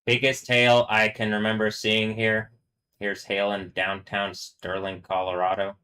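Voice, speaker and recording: A man's voice: on the low side, completely flat delivery, unhurried, sharp tone, clean tone. A man hosting a casual live stream, rambling and talking over himself with lots of fillers. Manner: rambling, filler-heavy, laughs often. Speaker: livestream host.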